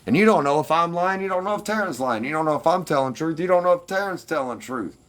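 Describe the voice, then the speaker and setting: A man's voice: a little high, expressive, fast. A man ranting defensively and with heavy profanity at his livestream commenters.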